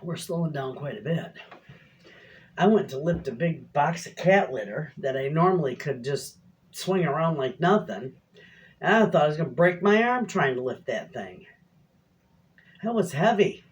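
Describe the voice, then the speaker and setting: A woman's voice: sits low, expressive, moderate pace. A middle-aged woman chatting casually to viewers in her home kitchen, a rambling, folksy storyteller. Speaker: homestead cooking vlogger.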